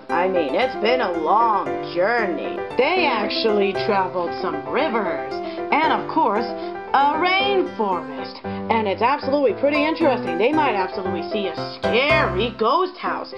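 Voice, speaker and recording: A female storyteller narrates a made-up adventure in a high, bright voice. She rambles with excitement and swings her pitch wildly. Music plays clearly behind her. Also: dull audio. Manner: excitable, rambling, sound effects. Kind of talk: improvised toy story narration.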